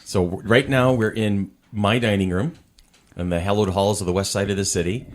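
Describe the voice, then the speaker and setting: A man's voice: lowish voice, steady tone, normal speed, noisy background. A middle-aged man hosting a casual podcast chat from his dining room, rambling and self-deprecating with lots of restarts. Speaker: podcast host. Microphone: portable podcast setup.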